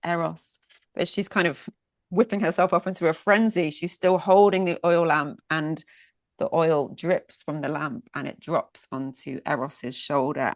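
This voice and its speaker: A woman storyteller telling a myth in a dramatic, unhurried way, lingering with pauses on vivid sensual detail. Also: low voice, no echo, studio quality.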